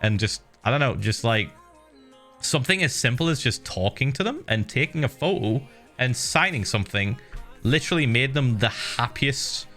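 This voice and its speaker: Animated man chatting on stream. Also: medium pitch, moderate pace, faint music behind. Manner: animated storytelling, frequent laughs and swearing. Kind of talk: casual chat with viewers.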